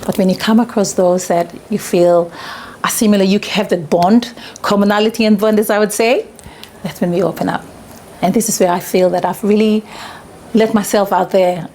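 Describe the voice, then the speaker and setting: A woman's voice: mid-range voice, normal speed, slight background noise. A woman giving an earnest, reflective testimonial about a retreat in an interview. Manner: earnest, reflective, laughs when excited.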